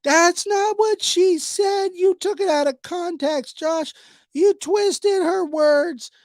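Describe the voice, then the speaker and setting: A nagging online commenter, pitched up high and whining in a mocking singsong, as a man imitates him. The lines drag slowly, scolding and complaining. The sound is dry and close. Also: no echo, full character voice. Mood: mocking whine.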